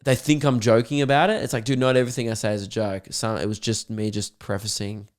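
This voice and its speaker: A young man, hosting a casual podcast and telling lively stories, acting out the voices of the people in them. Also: fairly low pitch, quick pace. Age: young adult. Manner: animated storyteller who acts out voices of others. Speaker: podcast host and comedian.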